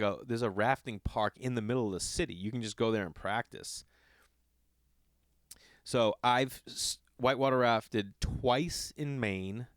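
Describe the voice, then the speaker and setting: Speaking in a medium pitch, a man hosts a laid-back podcast and rambles through a travel anecdote, full of profanity and acted-out dialogue. The sound is studio quality with no echo.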